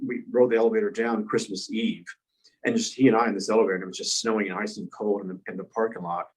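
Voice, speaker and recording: A man's voice: mid-range voice, breathy edge, poor audio. A man guest speaker and author telling personal stories in an earnest, rambling way, with frequent restarts. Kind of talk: conversational storytelling.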